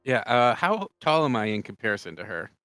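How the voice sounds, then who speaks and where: A man's voice: medium pitch, big pitch swings, brisk, a bit bright, clean tone, no room sound, faint music behind. A man playing a tabletop game, talking eagerly and jokingly, with playful boasting about his character's moves. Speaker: player.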